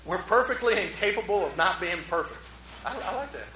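A man preaching a relaxed, conversational sermon as pastor, joking at his own expense and drawing in the congregation. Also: high voice, brisk, slight background noise. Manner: joking, self-mocking, talks with the congregation. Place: church. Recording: roomy hall echo.

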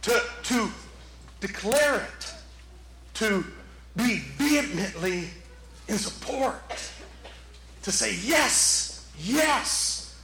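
A man preaching a sermon as pastor, animated, rising to shouts and dropping into playful asides. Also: high-pitched, slow, pauses often, echoey room, poor audio. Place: church sanctuary.

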